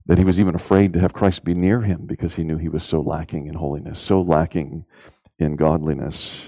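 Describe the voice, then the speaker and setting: Gravelly low-voiced male preacher. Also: warm tone, no room sound. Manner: emphatic, rises in pitch on key points, asks rhetorical questions. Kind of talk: sermon.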